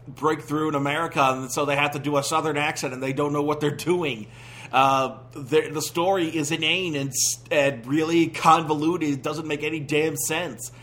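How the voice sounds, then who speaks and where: A man's voice: fairly high pitch, pushed and bright. A man giving a casual, rambling spoken movie review, sarcastic and full of restarts.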